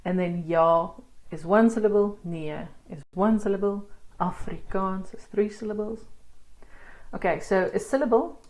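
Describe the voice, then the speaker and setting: A woman's voice: mid-range voice, moderate pace, darkish tone. A woman teaching an online language lesson, explaining step by step in a patient, encouraging way. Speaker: Afrikaans teacher.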